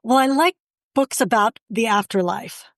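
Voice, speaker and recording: A woman's voice: a little high, moderate pace, no room sound, clean studio sound. A woman guest talking earnestly in a casual podcast chat, a little hesitant.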